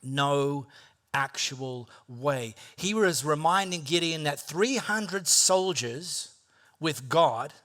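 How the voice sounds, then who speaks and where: A man preaching a sermon, telling personal stories in an animated, playful way and acting out his own reactions. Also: on the high side, slow pace. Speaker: pastor.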